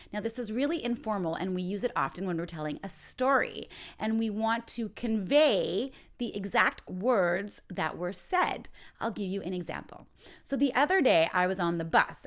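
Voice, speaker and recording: A woman teaching informal English in a playful way, acting out short example dialogues. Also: medium pitch. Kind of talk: informal ESL lesson.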